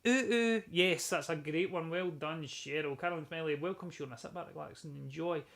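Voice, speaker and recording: A man's voice: on the high side, steady tone, brisk, creaky, fairly bright tone. A man from Scotland hosting a live-streamed music show, casually reading out viewer comments, joking and breaking into bits of song. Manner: chatty, jokey, swears, sings snatches of songs.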